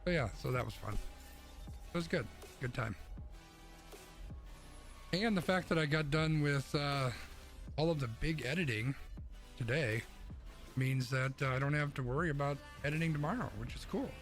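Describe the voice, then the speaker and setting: A young male streamer rambles casually to his chat while playing, his voice carrying some gravelly fry. Game music sits clearly behind him on a home streaming mic. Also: fairly high pitch, moderate pace, long pauses, a bit bright. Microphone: streaming mic through a mixer. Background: game music and game sounds.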